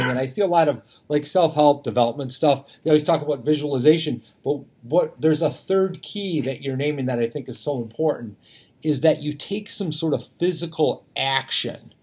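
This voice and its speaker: A man's voice: fairly high pitch, lively intonation, brisk, darkish tone, breathy edge. A man hosting a conversation, thinking aloud in a thoughtful, reflective way with frequent fillers. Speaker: podcast host.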